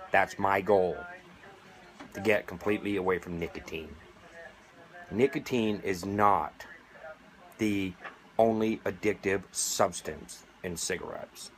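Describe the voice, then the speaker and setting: In a direct-to-camera appeal, a middle-aged American man pleads on behalf of vaping, sounding sarcastic and indignant. He has a deep, fairly bright voice and a measured pace.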